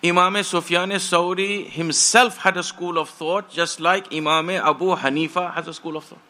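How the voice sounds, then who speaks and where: A man preaches a sermon, passionately telling stories and acting out the voices of the people in them. His voice is high and sharp, with fairly even intonation and a moderate pace.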